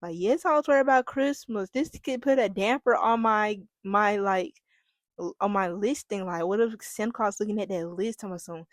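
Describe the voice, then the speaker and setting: A young woman hosting a podcast, telling a story in a casual, animated way with lots of laughter and asides to the listeners. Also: medium pitch, fairly quick, no echo. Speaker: podcast host.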